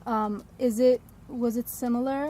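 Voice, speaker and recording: A woman interviewing a guest, curious and halting as she asks her questions. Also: a little high, steady tone, warm tone, slight background noise. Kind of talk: conversational interview.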